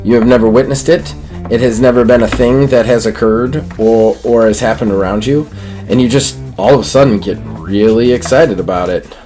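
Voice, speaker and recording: A man's voice: medium pitch, normal speed, mellow, soft background music. A man narrating a tabletop game as game master, rambling with many fillers and restarts.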